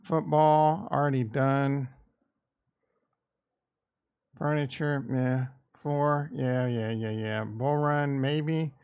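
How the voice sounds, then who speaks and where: This Midwestern market streamer speaks extremely slowly, pausing often, in a steady, medium-pitched, clean-toned voice over lo-fi sound. He thinks aloud about crypto and stocks in a rambling, irreverent, casual livestream chat.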